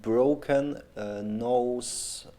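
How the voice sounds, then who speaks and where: A man's voice: medium pitch, drawn-out words, dark tone. A man with a Polish accent and an unclear, blocked-nose voice, chatting casually on a stream and searching for English words. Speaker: co-host streamer. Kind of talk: casual live-stream chat.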